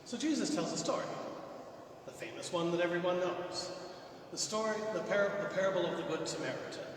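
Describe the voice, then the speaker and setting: High-voiced preacher in an echoey hall. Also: male voice, brisk. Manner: conversational, with rhetorical questions. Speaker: pastor. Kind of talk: sermon. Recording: echoey hall from far off, noisy.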